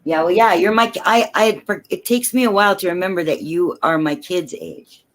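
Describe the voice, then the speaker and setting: A woman's voice: on the low side, normal speed. A woman in her fifties in casual chat, joking and easily flustered, stumbling over restarts. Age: 50s. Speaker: friend in a group chat.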